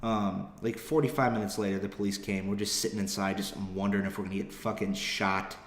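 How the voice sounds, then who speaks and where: Rambling, profane young comedian. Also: male voice, lowish voice, little pitch movement, brisk. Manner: rambling, profane, self-deprecating. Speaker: comedian and podcast host. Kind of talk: casual comedic podcast monologue. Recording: roomy echo.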